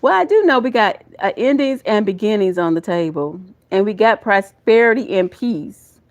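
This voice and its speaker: A woman's voice: medium pitch, lively intonation, moderate pace, muffled recording. A woman with a Southern US accent doing a live tarot reading. She talks to her viewers in a folksy, emotional way and calls them y'all and baby. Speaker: tarot reader.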